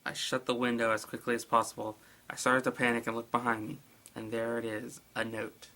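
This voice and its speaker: Hombre sarcástico leyendo terror, voz brillante. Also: male voice, mid-range voice, flat delivery, a little fast. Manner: sarcastic, exasperated asides between hushed reading. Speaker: narrator. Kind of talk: creepy story reading with commentary.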